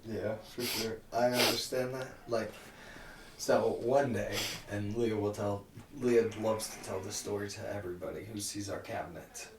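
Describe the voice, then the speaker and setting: A man's voice: on the low side, fairly even intonation, normal speed, noisy background. A young man, a podcast guest, chatting casually and self-deprecatingly, swearing freely. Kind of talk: casual chat. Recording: roomy, distant mic.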